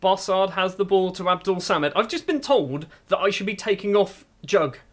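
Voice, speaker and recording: A man's voice: sits high, normal speed, a bit bright. A man commentating a football management video game, calling the action play-by-play and musing aloud to his viewers. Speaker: gaming YouTuber.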